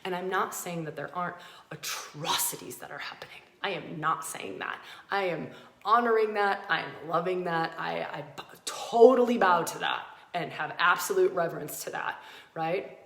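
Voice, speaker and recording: A woman's voice: on the low side, moderate pace, gravelly, fairly bright tone. Passionate, emphatic woman in an echoey room. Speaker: podcast host. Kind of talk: spiritual teaching talk.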